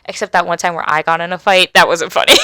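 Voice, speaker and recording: A young adult woman co-hosting a podcast, recalling school days in expressive casual chat and laughing often. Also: lowish voice, normal speed, no echo. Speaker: podcast co-host.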